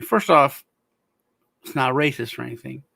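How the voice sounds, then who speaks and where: A man, hosting a crypto show, telling stories in a casual, animated way with lots of swearing. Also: mid-range voice, normal speed, vocal fry, no echo, clean studio sound. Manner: animated, profane ranting storyteller. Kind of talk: casual chat.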